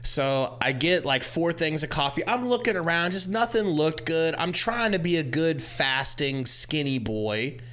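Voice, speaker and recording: A young man co-hosting a podcast, casually telling an animated story about his night. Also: on the high side, unhurried, few pauses. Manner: laid-back, animated storyteller. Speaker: podcast co-host.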